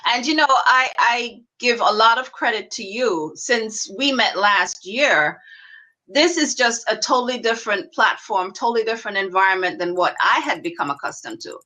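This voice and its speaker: A woman's voice: a little high, normal speed, pushed and bright, low-quality recording. A woman guest in a casual online chat, talking with enthusiasm and laughing often.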